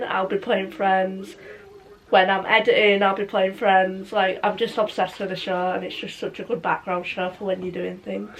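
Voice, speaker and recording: A woman's voice: medium pitch, low-quality recording. Gushing young woman vlogging. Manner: gushing, emotional, lots of "like". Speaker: book vlogger. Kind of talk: casual reading vlog chat.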